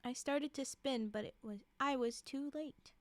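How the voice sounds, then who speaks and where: A woman's voice: high voice, measured pace, dry recording. A woman streamer reading a storybook aloud, breaking off for giggly, chatty asides.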